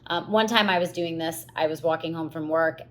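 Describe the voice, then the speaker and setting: A young woman hosts a podcast in a candid, confessional monologue. Her voice sits a bit low for a woman. She tells stories expressively and with animation. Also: fairly quick, a bit bright, a little hiss or hum. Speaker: podcast host.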